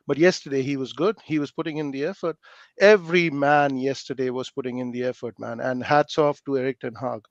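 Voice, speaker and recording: A man's voice: mid-range voice, steady tone, fairly quick, no room sound, highs cut off. A man calling in to a fan show, passionate and chatty, ending phrases with "man". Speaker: caller. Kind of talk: casual call-in chat.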